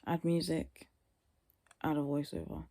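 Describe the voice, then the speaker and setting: A woman's voice: sits low, sing-song, unhurried, warm tone. A young woman vlogging casually to camera, sleepy and yawning, rambling and trailing off into tired mutters.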